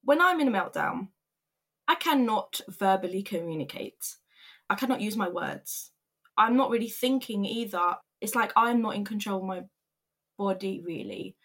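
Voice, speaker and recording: A woman's voice: medium pitch, animated, moderate pace, a bit bright. Candid young woman telling her story. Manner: candid, earnest, emotional retelling with quoted voices. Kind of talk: personal storytelling vlog.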